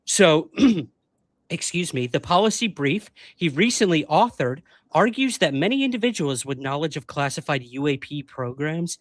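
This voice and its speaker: A man's voice: fairly high pitch, very animated, moderate pace, dry recording. A man co-hosting a live stream, chatting casually and reading news items aloud with self-deprecating asides. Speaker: podcast co-host.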